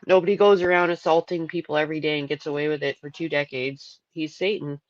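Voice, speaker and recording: A woman's voice: low voice, fairly even intonation, fast, dry recording, highs cut off. A woman hosting a casual livestream, talking in a chatty, rambling way and often repeating her words. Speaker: livestream host.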